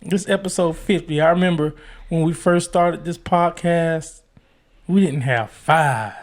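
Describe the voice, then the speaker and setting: A man's voice: a little high, measured pace. A man co-hosting a casual podcast chat with his wife, playful and given to dramatic emphasis. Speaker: podcast co-host.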